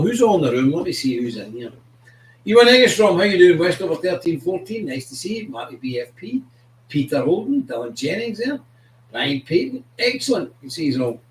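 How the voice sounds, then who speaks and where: A man's voice: a little high, slight background noise. Rambling man far from the mic. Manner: rambling, chatty, talks to his dog and viewers. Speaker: host of an online political show. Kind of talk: casual live-stream chat. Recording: roomy, distant mic, faint ambience.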